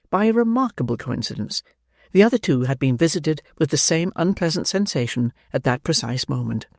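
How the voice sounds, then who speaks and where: A man narrating an audiobook of a classic novel with a measured, expressive reading. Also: a little high, gravelly, dry recording, clean studio sound. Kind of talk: scripted narration.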